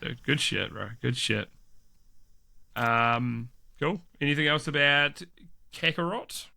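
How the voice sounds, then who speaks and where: A man's voice: fairly high pitch, animated, takes it slowly, vocal fry, bright, forceful tone. A man chatting casually as a podcast co-host, swearing freely, laughing often and restarting his sentences. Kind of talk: casual chat.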